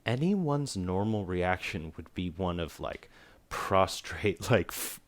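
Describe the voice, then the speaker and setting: A man's voice: fairly low pitch, measured pace. A man co-hosting a casual film review podcast, rambling with lots of fillers. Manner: rambling, filler-heavy, animated when making a point.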